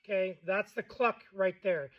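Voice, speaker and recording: A man's voice: high voice, unhurried, lo-fi sound, heavy background noise. A man hosting a casual how-to tutorial, plain-spoken with frequent ums and okays. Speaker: game call maker and tutorial host.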